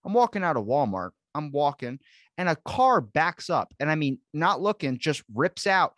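A man hosting a podcast in casual chat, telling animated stories full of swearing and acted-out quotes. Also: a little high, moderate pace, dry recording, clean studio sound. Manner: animated storyteller, swears constantly, acts out quotes. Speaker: podcast host.

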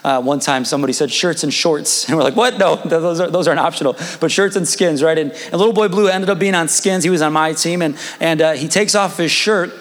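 Young pastor preaching in a reverberant hall. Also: male voice, on the high side, fairly quick, hardly any pauses, fairly bright tone. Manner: casual, storytelling, frequent restarts and laughs. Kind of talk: sermon with personal story.

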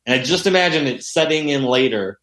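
A man in casual conversation, telling stories with lots of profanity. His pitch swings widely as he gets animated. The room around him has a noticeable echo. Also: brisk. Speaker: podcast guest. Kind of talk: casual storytelling chat. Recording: roomy echo.

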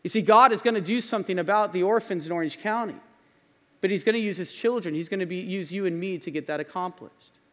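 A man with a high voice preaching a sermon, earnest and insistent, hammering key phrases again and again. His voice rings out with a long reverb off the walls of a church sanctuary. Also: fast. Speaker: pastor.

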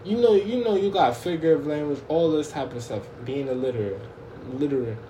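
A man's voice: a little high, brisk, warm tone, echoey room, slight background noise. A man preaching an informal online sermon, fervent and direct, often repeating and restarting his words.

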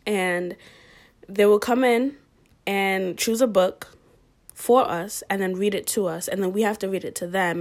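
A young woman telling a personal story in a loose, chatty way. Her voice sits at an ordinary middle pitch, and she fills her speech with "like" and "um". She laughs often and sometimes sinks nearly to a whisper. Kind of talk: casual storytelling.

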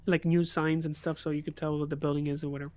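A man's voice: on the high side, little pitch movement, fast, darkish tone, no echo. A young man streaming, telling a story in casual chat and laughing often.

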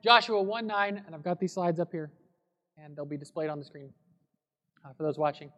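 A man preaching a sermon as a pastor, telling a story in a relaxed, conversational way. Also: a little high, fairly quick. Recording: long hall reverb.

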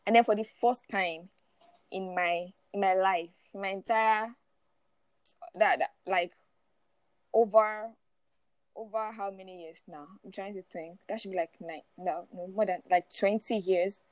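A woman's voice: mid-range voice, steady tone, unhurried, dry recording. A woman in her forties sharing her personal testimony as a guest, often laughing through it and repeating words as she goes. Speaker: guest speaker.

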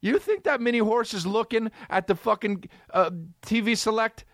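A man hosting a comedy podcast, ranting in an incredulous, profane, animated way. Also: sits high, moderate pace, no room sound, clean studio sound. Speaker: podcast host.

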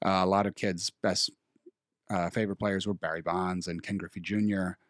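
A young man hosting a casual podcast chat, rambling and pausing to search for names. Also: sits low, little pitch movement, dry recording, studio quality. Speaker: podcast host. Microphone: studio microphone.

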